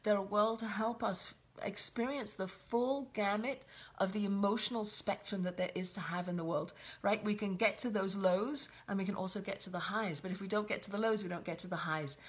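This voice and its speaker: A woman's voice: medium pitch, brisk. A woman giving a reflective spoken Torah lesson on a weekly portion, often repeating and restarting her phrases. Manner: reflective, with frequent restarts and repetition. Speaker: Torah teacher.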